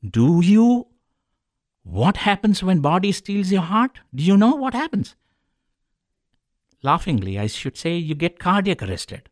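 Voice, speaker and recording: A man's voice: a little high, a little mellow, dry recording, clean studio sound. A man who is a doctor hosting a local radio health show, telling corny medical jokes and calling his listeners folks. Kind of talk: joke-filled radio talk.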